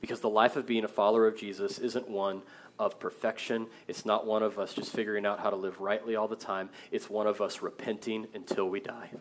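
A man in his thirties, a pastor preaching a sermon, earnest, moving between loud emphasis and quiet, reflective passages. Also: lowish voice, flat delivery, fairly quick.

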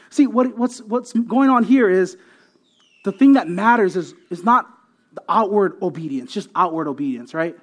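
A man's voice: high voice, moderate pace. A man preaching a sermon as a pastor, emphatic and repeating words, often checking in with "right?". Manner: emphatic, tags many points with "right?"; repeats words while building a point.

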